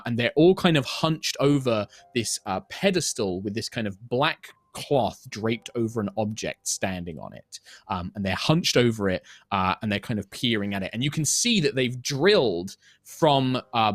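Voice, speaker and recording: A man's voice: mid-range voice, no room sound. A British man narrating as game master, improvising loosely with many fillers.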